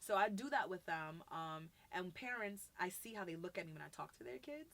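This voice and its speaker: A woman in her thirties with a New York accent, chatting on a podcast. Her voice sits a little low, and she talks in a lively way, slipping into quoted voices and laughing often. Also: fairly quick. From United States. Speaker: podcast guest, youth mentor. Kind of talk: casual conversation.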